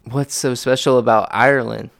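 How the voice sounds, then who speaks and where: A man co-hosting a casual podcast, tipsy, rambling and laughing, his voice jumping high when excited. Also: normal speed, gravelly, dry recording. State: intoxicated. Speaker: podcast co-host.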